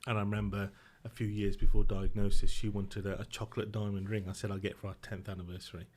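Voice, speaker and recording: A middle-aged man, a podcast guest telling a personal story in a subdued, halting, emotional way with restarts. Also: fairly low pitch, flat delivery, a little mellow.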